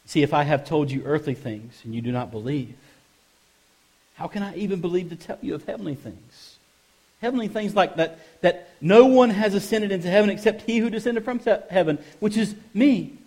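At a normal pace, a man leads a sermon in church and reads scripture aloud as pastor. Soft, low asides give way to loud, emphatic sections, and he repeats phrases to stress them.

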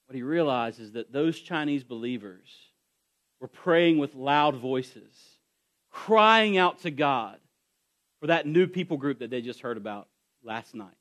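A man's voice: mid-range voice, expressive, measured pace, fairly bright tone. A man preaching a sermon to his congregation, retelling a story with rising intensity and frequent restarts. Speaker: pastor.

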